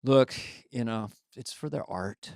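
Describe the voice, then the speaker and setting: A man's voice: mid-range voice, gravelly, darkish tone, dry recording, clean studio sound. A man co-hosting a podcast, joking and playful in casual chat. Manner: playful, joking, quick with bits. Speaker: podcast co-host.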